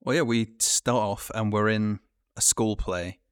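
A man's voice: on the low side, steady tone, unhurried, smooth, no room sound. A man co-hosting a podcast in casual chat, trading dry, teasing banter. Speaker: podcast co-host.

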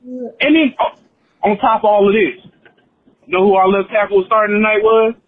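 Male caller, high and husky voice, exasperated and swearing, tinny phone line. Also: fairly even intonation, moderate pace, no echo. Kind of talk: angry voicemail rant.

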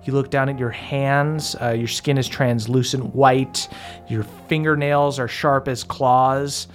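A man's voice: mid-range voice, fairly even intonation, unhurried, soft background music. A man running a tabletop game as game master, narrating casually with frequent fillers and swearing.

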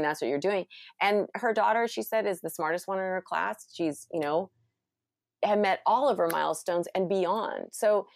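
A middle-aged woman from California, chatting casually and telling a story with animated acted-out quotes. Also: lowish voice, dry recording, clean studio sound. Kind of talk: casual conversation.

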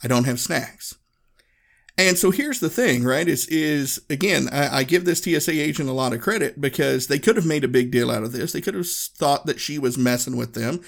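Podcast host, male, gravelly, laid-back storyteller with a reflective delivery. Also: on the high side. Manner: relaxed, conversational, reflective.

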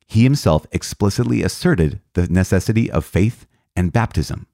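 A man's voice: low-pitched, expressive, normal speed, gravelly, warm tone, no echo, clean studio sound. A man, a priest, teaching from the catechism in an earnest, emphatic way, often restarting and correcting himself.

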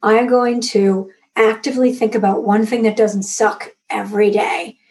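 A woman in her forties, an author guest, telling a personal story in a candid, emotional, animated way. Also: medium pitch, normal speed. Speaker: author and magazine editor, guest. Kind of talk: conversational interview.

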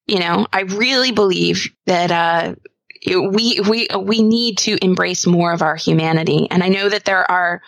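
A woman in her thirties speaks in a relaxed podcast chat. Her voice carries a gravelly fry, and she sounds candid and emphatic. The recording is dry and close. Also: on the low side, unhurried, no room sound, poor audio. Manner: candid and emphatic, laughs easily. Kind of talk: casual conversation.

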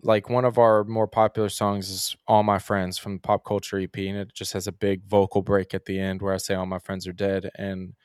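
A young man talks casually as a podcast guest, his low voice smooth and resonant. He rambles through his stories, leaning on "like" and "um" as he goes. The sound is close and dry, with no room around it. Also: flat delivery, a little fast, hardly any pauses, no echo. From Kentucky. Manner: rambling, frequent "like" and "um" fillers. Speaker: musician guest.

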